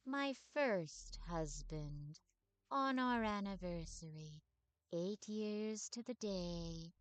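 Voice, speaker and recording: A woman voicing a sorrowful female vampire ghost who speaks slowly and formally, in a game playthrough. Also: medium pitch, clean tone, no echo. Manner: slow, solemn and formal.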